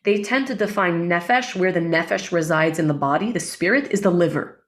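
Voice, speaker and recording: A woman with a lowish voice speaks as an interview guest, explaining breathwork in an earnest, teaching way. She often checks in with "right?" and recites lines of Hebrew prayer. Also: a little fast. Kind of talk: reflective interview talk.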